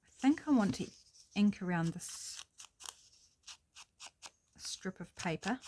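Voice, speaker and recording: A woman's voice: medium pitch, lively intonation, slow pace, noisy background. A middle-aged woman with a New Zealand accent, chatting casually and thinking aloud as she works on a craft project at home. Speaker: crafting vlogger.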